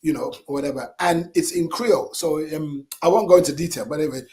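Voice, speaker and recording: A middle-aged man, a singer and entertainer, telling stories as a radio guest in a lively, animated way with chuckles. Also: on the high side, quick pace. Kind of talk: casual interview storytelling. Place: radio studio.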